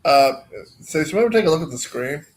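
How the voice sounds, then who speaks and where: A man co-hosting a live stream in casual chat, talking haltingly with many pauses and restarts. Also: on the high side, animated.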